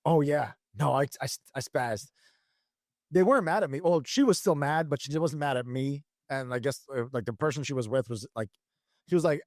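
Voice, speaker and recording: A man in his thirties co-hosting a podcast, telling stories in an animated, casual way with plenty of swearing. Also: mid-range voice, moderate pace, dry recording, clean studio sound. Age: 30s. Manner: animated storyteller, swears freely. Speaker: podcast co-host. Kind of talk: casual chat.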